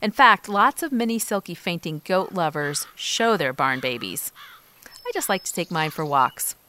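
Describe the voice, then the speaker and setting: A woman's voice: fairly low pitch, normal speed. A middle-aged woman co-hosting a podcast, chatting casually while walking outdoors on a farm and calling to her goats. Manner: lively, calls loudly to her goats. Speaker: podcast co-host. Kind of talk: casual chat on a farm walk.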